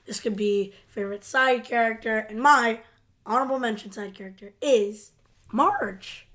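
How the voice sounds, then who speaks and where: A woman co-hosting a podcast, chatting casually in an excitable, affectionate way. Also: fairly high pitch, moderate pace. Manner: excitable, affectionate fan talk. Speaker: podcast co-host. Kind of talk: casual chat.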